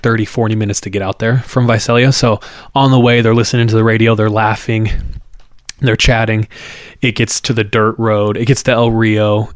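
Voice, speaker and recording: A man's voice: lowish voice, no echo, studio quality. A man hosting a podcast, telling a story in a loose, conversational way, repeating words and using fillers. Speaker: podcast host. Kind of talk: casual spoken storytelling.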